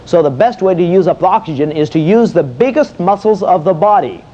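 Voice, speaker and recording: A man's voice: high voice, lively intonation, brisk, dark tone. A man leading an exercise demonstration as a fitness instructor, folksy and jokey, asking questions and answering them himself. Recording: dull lo-fi old video sound.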